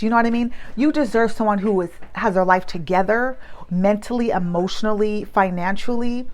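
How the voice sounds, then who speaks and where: A woman in her thirties talking casually to camera, giving emphatic advice with many fillers and restarts. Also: medium pitch.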